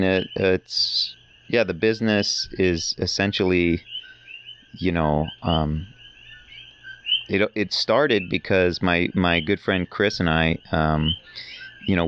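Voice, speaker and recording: Man, podcast guest, rather low voice, rambling and enthusiastic, dull lo-fi recording. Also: a bit bright, slight background noise. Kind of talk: casual conversation.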